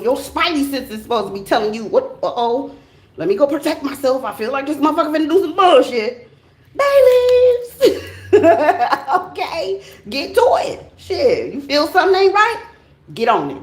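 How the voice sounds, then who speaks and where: In an echoey room, a woman from the United States with a voice on the high side does a casual tarot reading. She talks bluntly and with lots of energy, swearing freely and using plenty of slang.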